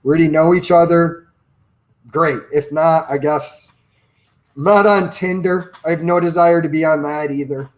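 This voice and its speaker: A man's voice: a little high, moderate pace. A man who runs a personal finance channel, chatting casually and telling opinionated stories with quoted asides. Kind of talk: casual livestream chat.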